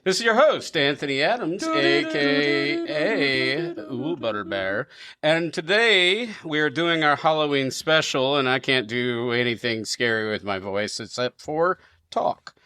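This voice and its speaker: A man hosting a casual podcast chat, jokey and animated, his pitch jumping up when he gets excited. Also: moderate pace, smooth. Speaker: podcast host.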